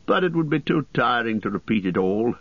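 A man voicing an old, chatty male hobbit poet who talks briskly, recorded dry and slightly muffled. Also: mid-range voice, lively intonation, no room sound. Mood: indignant.

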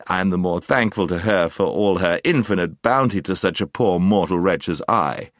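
A man's voice: sits low, moderate pace, no room sound, studio quality, close to an everyday voice. A man voicing a hearty, courtly knight in an audiobook, with a boastful manner. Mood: grandiose. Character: grandiose laughing male knight, courtly. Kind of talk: audiobook character voice.

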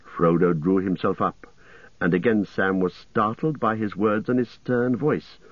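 A man narrates a story in a calm, measured way. His voice sits low. The recording is dry and somewhat dull. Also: no echo. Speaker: audiobook narrator.

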